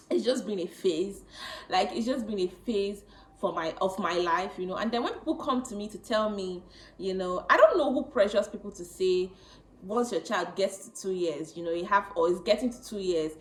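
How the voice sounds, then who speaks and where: A woman in her late twenties telling a personal story to camera, chatty and animated, often laughing. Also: mid-range voice, moderate pace, echoey room, low-quality recording. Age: late 20s. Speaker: vlogger.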